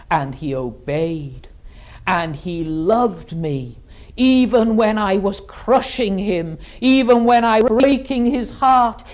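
A preacher voicing God the Father as a solemn ancient male deity, in repetitive cadences that swing from hushed to loud. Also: very high-pitched, voice pushed up. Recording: dull lo-fi sermon recording.

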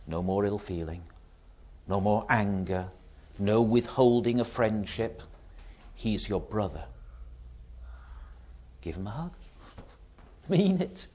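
A man preaching a sermon, acting out the voices he quotes with lively rises and drops in pitch. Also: slow, long pauses, husky, highs cut off.

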